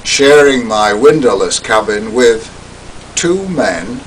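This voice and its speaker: An older man giving a talk, recounting a personal story in a theatrical, wry way that drops to hushed asides. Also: medium pitch, animated, slow pace, far from the mic, a little hiss or hum, rough recording.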